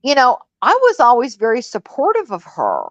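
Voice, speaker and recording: A woman's voice: fairly high pitch, huge pitch swings, moderate pace, dry recording. A woman from Missouri co-hosting a livestream, talking in a chatty, rambling and frank way. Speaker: livestream co-host. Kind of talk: casual chat. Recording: dull lo-fi dry sound.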